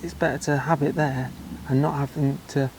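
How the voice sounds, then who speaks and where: A man's voice: mid-range voice, little pitch movement, moderate pace, a little mellow, slight background noise, low-quality recording. An English man talking casually in a vlog, with dry, chatty asides. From England. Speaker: travel vlogger.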